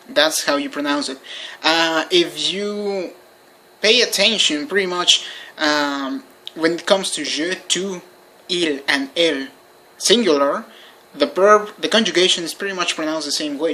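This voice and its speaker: A language teacher talks through a lesson indoors with a bright, forceful tone. The delivery is patient and repetitive, and word endings are spelled out one letter at a time. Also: mid-range voice, a little slow, slight background noise. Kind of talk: informal recorded lesson. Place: indoors by a window.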